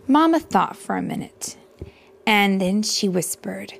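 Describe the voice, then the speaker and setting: Female storyteller reading to kids; hushed and whispery, husky texture, unhurried. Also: medium pitch, animated. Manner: hushed, often whispered narration with asides to listeners. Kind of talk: soft-spoken storybook reading.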